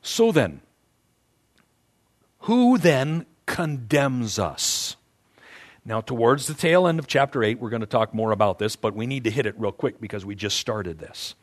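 A man's voice: mid-range voice, a bit bright. A male pastor preaching a conversational sermon, emphatic and often repeating his words as he builds a point.

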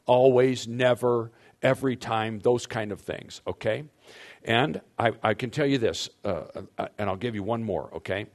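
A man's voice: mid-range voice, darkish tone. A man leading a marriage seminar for couples, speaking emphatically and addressing the audience directly on a handheld microphone. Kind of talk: teaching talk to couples.

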